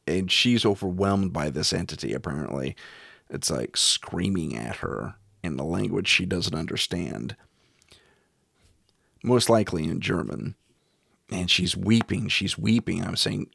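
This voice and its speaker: A man's voice: sits low, slow pace, gravelly, pauses often, fairly bright tone, breathy edge, no echo, studio quality. A middle-aged man, a paranormal investigator, recounting a ghost investigation in a wry, chuckling way.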